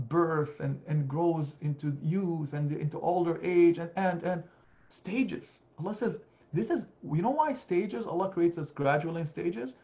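A man, an imam, giving a Sunday lecture on scripture in an earnest, animated way, often restarting his phrases. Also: fairly high pitch, creaky, lo-fi sound. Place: mosque community hall.

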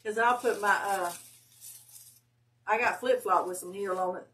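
A woman in her 50s chats casually as a guest on a livestream, telling stories in a lively way and laughing at herself. Her mid-range voice moves a little slowly, and the mic sounds distant.

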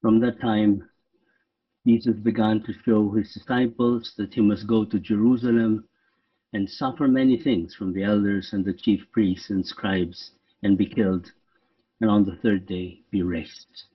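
A man, a priest, leading a guided meditation in a slow, reflective way with frequent pauses. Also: lowish voice, fairly even intonation, breathy edge. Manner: slow, reflective, pausing often. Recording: dull, lo-fi sound from a distant mic.

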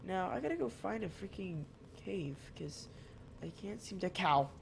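A man's voice: high-pitched, expressive, a little slow, vocal fry, a little hiss or hum. A man giving casual, rambling gameplay commentary, joking to his viewers and chatting at his cat as he plays. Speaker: gaming channel host.

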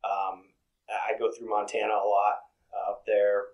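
A low-pitched man talking in a loose, easygoing way. He is a truck driver in a casual interview, and he wanders through his stories with plenty of "you know" fillers. His delivery is relaxed and conversational. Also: measured pace, lo-fi sound.

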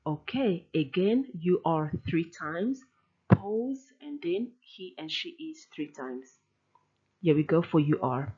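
A woman teaching a pronunciation lesson, drilling words slowly and carefully, repeating each one with clear emphasis. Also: deep voice, animated, lo-fi sound. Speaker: language teacher.

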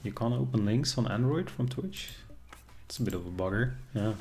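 A man's voice: medium pitch, animated, moderate pace, darkish tone. A man streaming casually, chatting with viewers and reacting to the game as it plays. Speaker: casino streamer. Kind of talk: casual live-stream commentary.

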